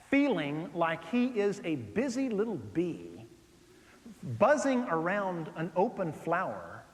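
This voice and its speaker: A man preaching a sermon, telling stories with big swings from loud outbursts to hushed asides. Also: high-pitched. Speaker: pastor. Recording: long hall reverb.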